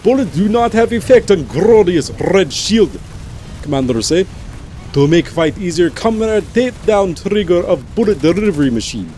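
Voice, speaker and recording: A man's voice: high-pitched, animated, moderate pace, a little mellow, faint music behind, voice pushed up. A man voicing a boastful male soldier in a thick fake Russian accent, speaking in broken English and grandiose proclamations. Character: boastful male Soviet-style soldier, gung-ho.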